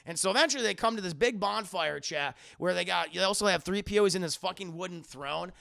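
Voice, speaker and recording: An excitable streamer man rattles through a film recap, swearing freely and calling out to his chat. His voice sits high with a heavy gravelly fry and a bright, sharp edge. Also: quick pace. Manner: excitable, profane, keeps addressing chat. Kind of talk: casual profane scene-by-scene recap.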